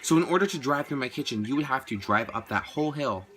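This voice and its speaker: A man's voice: medium pitch, fast talker. A teenage young man telling a storytime vlog in a casual, indignant way, swearing a lot and saying "like" constantly. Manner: casual, heavy swearing, lots of "like"; indignant, animated retelling. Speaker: vlogger.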